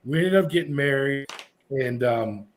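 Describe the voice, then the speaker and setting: A middle-aged podcast guest with a medium-pitched voice tells casual stories at a slightly slow pace. He is animated, acting out the lines of the other people in his tales.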